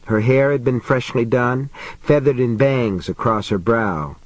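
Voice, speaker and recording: A man reading a novel aloud as an audiobook narrator, in a low, measured delivery with quiet character voices. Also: no echo, low-quality recording. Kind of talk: scripted narration.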